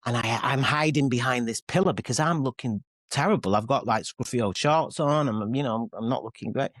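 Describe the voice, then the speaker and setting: Brisk and fairly bright, the mid-range voice of this Manchester-accented man in his forties comes with no room sound. A pop singer and author, he's an interview guest sharing candid stories that poke fun at himself, rambling with frequent restarts and acted-out quotes.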